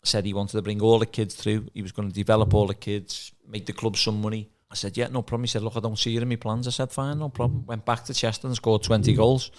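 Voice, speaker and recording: A man tells stories in a relaxed podcast conversation. His voice sits a little low, and he talks fast, piling one anecdote onto the next with plenty of animation. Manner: animated anecdotes with acted quotes. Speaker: podcast guest, ex-footballer. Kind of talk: casual storytelling chat.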